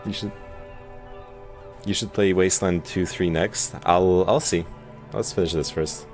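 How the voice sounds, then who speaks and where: A man's voice: sits low, fairly even intonation, unhurried, darkish tone, faint music behind. A man streaming a game, reading his dialogue choices aloud and chatting casually. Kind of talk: casual gameplay commentary.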